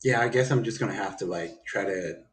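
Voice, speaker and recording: A man's voice: lowish voice, brisk. A man rambling through a profane, jumpy livestream monologue from home. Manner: rambling, profane, jumps around the story. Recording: echoey room.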